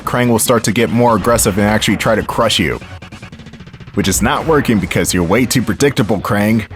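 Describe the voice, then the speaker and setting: A man giving casual, sarcastic gameplay commentary, often laughing at his own jokes. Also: fairly low pitch. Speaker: let's play commentator.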